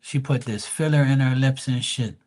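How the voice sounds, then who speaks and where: A man's voice: mid-range voice, moderate pace, darkish tone. Profane man ranting casually. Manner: crude, profane and mocking, with stammered restarts. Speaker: vlogger. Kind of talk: casual storytelling rant.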